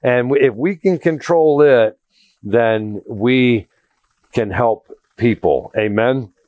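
A man's voice: medium pitch, takes it slowly, darkish tone, no echo. A man preaching a sermon as a pastor, blunt and conversational, telling stories with self-deprecating humor.

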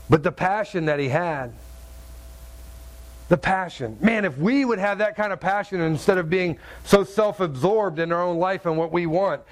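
A man preaching a sermon as pastor, talking in a conversational way, repeating words and asking his listeners to agree. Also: sits high. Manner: conversational, repeats words, asks the crowd "right?".

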